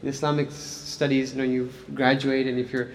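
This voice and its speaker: A man's voice: mid-range voice, level tone, a little fast, big-room sound. A man teaching Islamic studies in a casual lecture style, talking conversationally and often checking in with "right?". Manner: conversational, frequent "right?" and "like" fillers.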